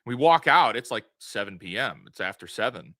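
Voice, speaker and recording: Excitable New York man, bright voice. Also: medium pitch, moderate pace, dry recording. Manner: animated, excitable, laughs often. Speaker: podcast co-host. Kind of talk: casual chat.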